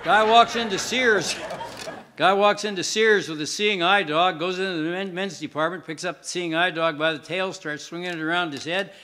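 A man performing a stand-up comedy routine on a stage, telling short jokes and dropping punchlines in a deadpan way. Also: high voice, normal speed, slight background noise. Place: theater stage with live audience. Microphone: stage microphone.

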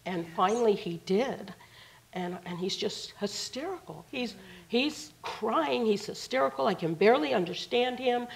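A woman's voice: on the high side, lively intonation, a little slow, gravelly, low-quality recording. A woman, a guest mother, recounting a personal story in a TV interview in a casual, vivid way.

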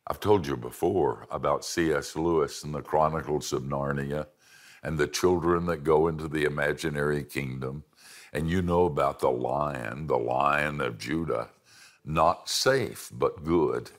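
An older male pastor delivers a sermon full of folksy stories and self-deprecating humor. His voice is low and unhurried, with a relaxed, slow pace. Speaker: pastor and seminary teacher.

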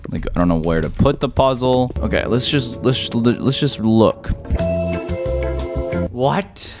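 A young man playing a horror game and commenting, swinging from low mumbles to shrill yelps. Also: measured pace. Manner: excitable, flips from mumbling to high-pitched yelps. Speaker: gaming YouTuber. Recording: game music behind the voice.

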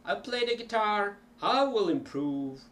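Slow-talking man. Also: sits high, animated, fairly bright tone. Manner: unhurried, hesitant with fillers, demonstrates phrases aloud. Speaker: language teacher. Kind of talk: informal language lesson.

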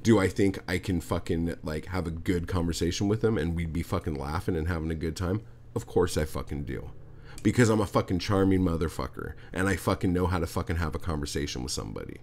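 A man's voice: low voice, sing-song, moderate pace, a little mellow. A man hosting a podcast, ranting heatedly with constant swearing and talking straight to the listener. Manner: talks directly to listener, "dude". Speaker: podcast host. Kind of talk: profane ranting monologue.

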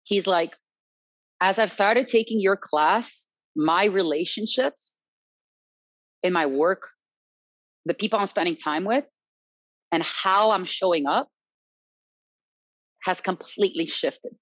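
Female guest, salsa instructor, animated storyteller; muffled, dry sound. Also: on the low side, takes it slowly, pauses often, no echo. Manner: animated, quotes others, tag questions "right?". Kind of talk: casual storytelling chat. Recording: dull lo-fi dry recording.

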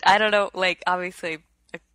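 A chatty woman co-hosting a podcast, retelling a story at length in a casual way. Her voice is bright and slightly low. The recording is dry and close. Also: steady tone, fairly quick, dry recording. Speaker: podcast co-host. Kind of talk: casual chat.

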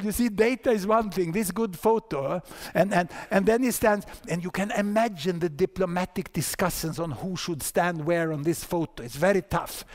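A man in his sixties with a Swedish accent, lecturing at a conference and telling a story with lively asides and repeated words. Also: high-pitched. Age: 60s. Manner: animated storyteller, frequent "huh?" and "you know" asides, repeats words. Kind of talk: conference talk. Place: conference hall with audience.

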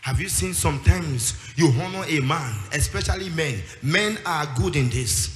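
An animated man whose voice sits on the high side preaches at a normal speed, emphasizing his words, performing the voices of people he quotes, and building to a sing-song delivery. Echoey hall, music in the background.

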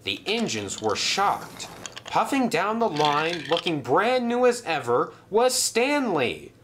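A young man narrating a toy train story in a dramatic, animated way. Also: sits high, takes it slowly, background noise.

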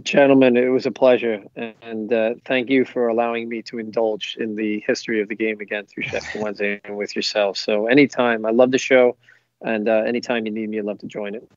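A man's voice: lowish voice, flat delivery, brisk, no echo. Middle-aged guy from the states, ex footballer guest, rambles happily through old stories, dry slightly muffled call audio. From United States. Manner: enthusiastic, rambling anecdotes. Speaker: guest, former professional footballer. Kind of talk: casual interview chat.

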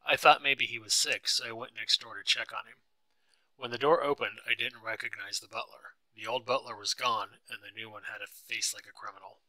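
A man giving a clear, steady scripted narration of a storybook. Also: mid-range voice, a little fast, no room sound, rough recording.

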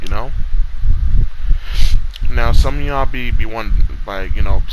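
A man's voice: medium pitch, a little slow, very noisy. Tired, profane young man vlogging. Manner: profane, trash-talking, rambling with many fillers. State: tired, late at night. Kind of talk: casual rambling monologue.

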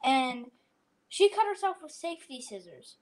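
A woman's voice: high-pitched, big pitch swings, moderate pace, very noisy. A woman hosting a casual cooking vlog, chatting playfully and jumping between jokes as she works. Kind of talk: casual chat while cooking.

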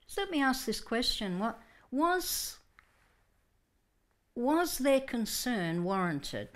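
A woman's voice: fairly high pitch, very animated, takes it slowly. A woman preacher telling a Bible story vividly in a Sunday sermon, with frequent restarts.

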